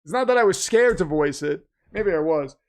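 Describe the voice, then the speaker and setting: A man hosting a casual livestream and reading viewer messages, talkative, keyed up and nervous, swinging from loud to quiet. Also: high voice, normal speed. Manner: excitable, talkative, jumps between loud and quiet. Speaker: livestream host reading super chats.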